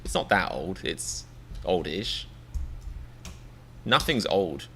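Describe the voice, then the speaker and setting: A man's voice: low voice, expressive, slow pace, fairly bright tone, husky. An English man in his thirties, chatting casually to a live-stream audience in a rambling, self-deprecating, mock-exasperated way. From England. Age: 30s.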